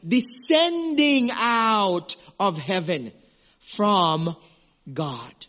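A middle-aged man preaching a sermon in an earnest, emotional way, at times hushed and at times high and excited. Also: extremely slow. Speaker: pastor.

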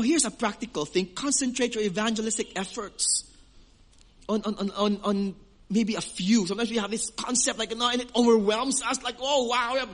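A man's voice: high-pitched, a bit bright. A man with a Filipino accent, a pastor preaching an earnest sermon who often repeats words while he searches for his phrasing. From Western Visayas, Philippines.

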